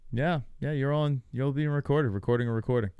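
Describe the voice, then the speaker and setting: This is phone-quality audio with a noisy background: a young man, medium-pitched and a little fast, hosts a live stream. He reacts to results in relaxed, joking chatter, talking to his chat as casual live commentary.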